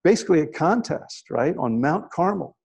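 A man preaching a sermon, telling scripture stories in a conversational way with frequent "right?" asides, and dropping to a hushed voice for quiet moments. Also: fairly high pitch, lively intonation, moderate pace, gravelly, slightly rough.

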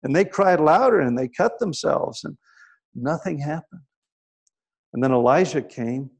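Preaching in a chatty way, this man tells stories from scripture, sprinkles in "right?" again and again, and drops to a whisper when things get quiet. His voice sits a little high, gravelly and husky, animated yet unhurried.

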